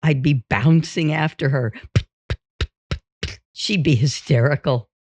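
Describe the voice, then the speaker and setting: A woman reading a first-person memoir aloud in a steady, unhurried way. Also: sits low, no echo. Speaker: audiobook reader. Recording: dull, dry.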